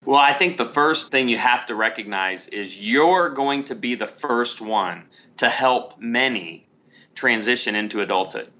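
Middle-aged pastor guy telling stories in an interview, bright forceful voice, keeps restarting his sentences. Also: medium pitch, a little slow. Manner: animated storyteller, repeats words when starting sentences. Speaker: pastor and author guest. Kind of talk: conversational interview storytelling.

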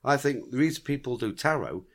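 A British man co-hosting a podcast in casual chat, blunt and skeptical, swearing and chiming in with quick agreement. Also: mid-range voice, animated. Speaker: podcast co-host.

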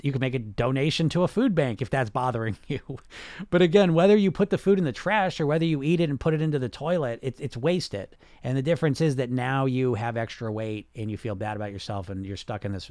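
A man's voice: mid-range voice, darkish tone, no room sound, clean studio sound. Man casually coaching on weight loss. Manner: conversational, frequent "right?" tags and restarts; reads viewer comments aloud. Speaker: weight loss hypnotist and podcast host. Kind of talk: casual live coaching talk.

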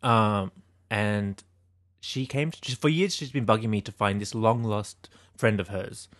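A man's voice: lowish voice, unhurried, fairly bright tone. A young man with an Australian accent gone a little American, co-hosting a casual podcast and telling stories. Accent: Australian, turned a little American. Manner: chatty storyteller, acts out quoted lines. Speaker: podcast co-host. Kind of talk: casual chat.

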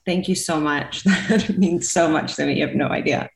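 A woman in her thirties, a former pro wrestler, telling animated stories in a casual interview and acting out what people said. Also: sits low, normal speed, vocal fry. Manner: animated, acts out quoted people. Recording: roomy echo.

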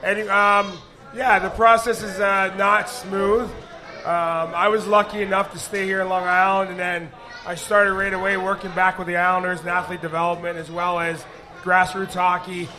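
Raspy-voiced man, high and bright. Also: moderate pace. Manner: relaxed, rambling with fillers. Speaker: guest, former hockey player. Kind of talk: casual live interview. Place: bar event with live audience.

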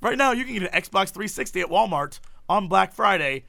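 A young man talks in casual comedic chat, bright and high. His pitch leaps around as he riffs and restarts. He keeps it loose, jokey and animated. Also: a little fast, gravelly. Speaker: co-host.

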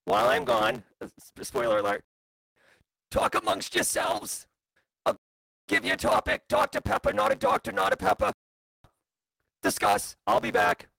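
Male streamer host, high husky voice, casual and animated. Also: normal speed, long pauses, no room sound, rough recording. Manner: animated, jumps high and low in pitch. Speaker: livestream host. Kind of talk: casual livestream chat.

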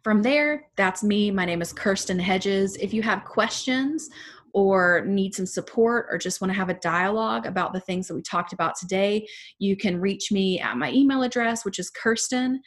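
A woman with a Southern US accent giving a gentle class talk as an herbalist, soft-spoken with frequent fillers. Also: mid-range voice, normal speed. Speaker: herbalist teacher.

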